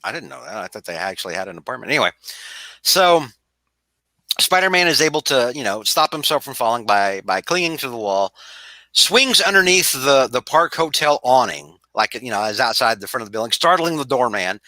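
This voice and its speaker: A man's voice: medium pitch, sing-song, fairly quick, bright, forceful tone, no echo, low-quality recording. A man hosting a casual podcast chat, rambling with many restarts and laughing at his own jokes. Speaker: podcast host.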